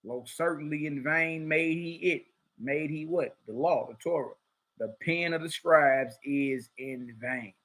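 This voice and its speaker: A man's voice: on the high side, measured pace, fairly bright tone. A man teaching scripture in a heated lecture, mocking and confrontational, with slangy asides and repeated key phrases. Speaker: religious teacher.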